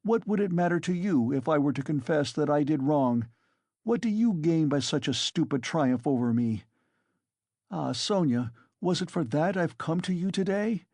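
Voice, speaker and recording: Brief: tormented bitter young student, gravelly pleading voice read by a man. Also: fairly high pitch, lively intonation, measured pace, dark tone, dry recording, studio quality, voice pushed up, exaggerated voice. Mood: despairing. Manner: anguished pleading. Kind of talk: audiobook character reading.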